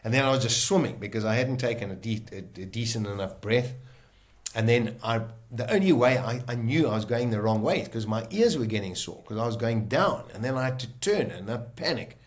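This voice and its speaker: A middle-aged man from South Africa, recounting a personal ordeal in a vivid, animated conversational way with frequent restarts. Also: mid-range voice, brisk. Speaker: guest telling his story. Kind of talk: conversational storytelling.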